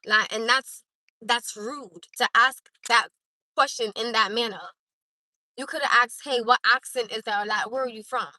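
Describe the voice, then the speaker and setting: A woman's voice: a little high, sharp tone, no room sound, rough recording. A woman from Newark, New Jersey, with a Newark accent, hosting a livestream from her parked car and talking candidly and directly to her viewers on a phone. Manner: direct and candid, talks straight to the chat. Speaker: livestream host. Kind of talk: casual chat to viewers.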